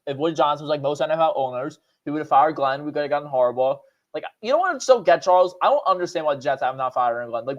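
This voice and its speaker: A man hosting a casual livestream, rambling quickly through his points with stumbling restarts. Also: fairly high pitch. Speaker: host. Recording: slightly dull lo-fi audio.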